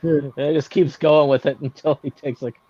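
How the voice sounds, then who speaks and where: A man's voice: on the high side, fairly even intonation, moderate pace, warm tone, breathy edge. Guy chiming in on a movie chat, muffled lo-fi mic. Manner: mostly brief agreements and laughs.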